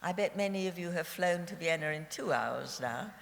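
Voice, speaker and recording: A woman in her nineties from Austria, a Holocaust survivor giving her personal testimony at a civic memorial event, telling her story in a slow, measured way with gentle irony. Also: lowish voice, animated, creaky. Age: 90s. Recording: long hall reverb.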